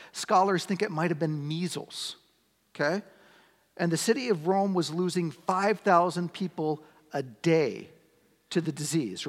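High-voiced pastor in a reverberant hall. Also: male voice. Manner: conversational, asks the congregation rhetorical questions. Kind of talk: sermon.

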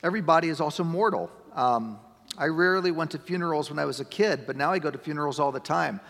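A middle-aged man preaching a sermon as pastor, talking conversationally and building to emphatic, near-shouted points. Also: fairly high pitch, quick pace, creaky. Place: church sanctuary. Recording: long church-hall reverb.

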